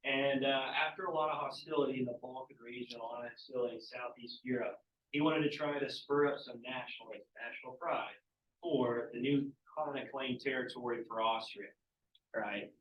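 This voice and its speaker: A man's voice: medium pitch, steady tone, moderate pace. Man lecturing in an echoey classroom. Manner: casual, asks the class questions. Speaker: teacher. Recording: echoey, distant, muffled classroom recording.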